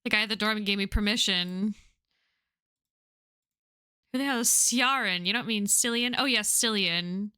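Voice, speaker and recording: Bright-voiced woman streaming a game. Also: medium pitch, measured pace, pauses often, clean tone, no room sound, clean studio sound. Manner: playful, swears casually. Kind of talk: casual let's play commentary, reading game dialogue.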